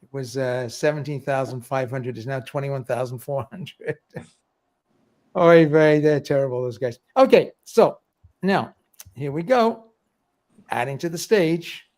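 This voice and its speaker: A man's voice: medium pitch, unhurried, darkish tone. A man hosting a casual livestream, reading viewer comments aloud and laughing often. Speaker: livestream host.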